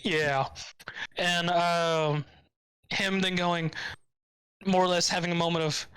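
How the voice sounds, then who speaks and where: A man's voice: fairly high pitch, level tone, slow pace, pauses often, bright, forceful tone, clear, resonant tone, no room sound, poor audio. A man co-hosting a podcast, casually recapping an anime episode and acting out the characters' lines with sarcastic asides. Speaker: podcast co-host.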